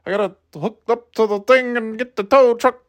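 A man voicing a working tow truck driver with a quick, offhand mutter. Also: very high voice, fairly even intonation, pitched above the performer's own voice. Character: easygoing tow truck guy at work.

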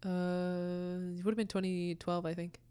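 Her voice is on the low side and clean, and she speaks at a measured pace: a young adult woman co-hosting a casual podcast. She tells animated stories and giggles a lot along the way.

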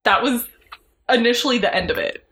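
A woman's voice: on the high side, lively intonation, fairly quick, fairly bright tone. Wry, exasperated podcast woman. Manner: wry, exasperated storytelling with laughs. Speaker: podcast co-host. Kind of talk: casual chat, reading a story aloud.

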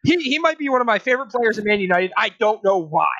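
A man's voice: high voice, big pitch swings, fast talker, hardly any pauses, fairly bright tone, dry recording. A young man co-hosting a casual sports podcast, ranting in exasperation, laughing and restarting his sentences. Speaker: podcast co-host.

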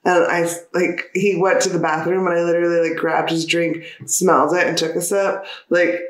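A woman co-hosting a podcast, telling stories in a playful, giggly, animated way. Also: fairly low pitch, moderate pace. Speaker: podcast co-host. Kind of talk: casual chat. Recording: echoey room.

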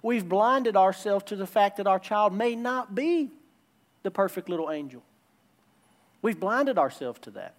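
High-voiced man preaching emphatically. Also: expressive, unhurried. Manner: emphatic, repeats key phrases. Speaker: pastor. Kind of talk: sermon.

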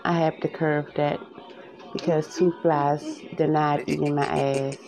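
A woman's voice: low-pitched, steady tone, unhurried, darkish tone. A woman speaking up in a live audio chat room, sassy and playful as she calls someone out.

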